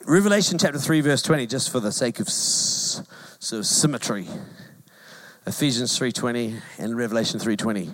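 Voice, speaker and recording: A man with a New Zealand accent, a pastor preaching a sermon in a lively, joking way and mimicking calls in a high voice. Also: normal speed. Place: church hall.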